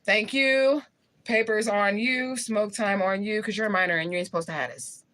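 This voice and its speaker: With a medium-pitched, somewhat bright voice at normal speed, a forties-aged woman from St. Louis, Missouri reads comments on her livestream. She's casual, blunt and slangy, and laughs a lot as she answers viewers.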